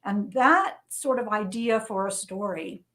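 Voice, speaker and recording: A middle-aged woman, a journalist and novelist, telling lively anecdotes as an interview guest and repeating phrases for emphasis. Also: medium pitch, a little slow. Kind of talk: conversational storytelling interview.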